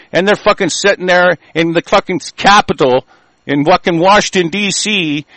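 An older American man delivers a profane, angry monologue, reading news aloud and commenting on it while swinging from low muttering to shouting. The audio is poor quality with no echo.

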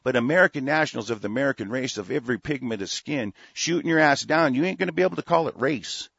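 A man's voice: medium pitch, expressive, quick pace, gravelly, a bit bright, husky, no echo, dull audio. A man hosting a talk radio show, delivering a rambling, profane, heated monologue.

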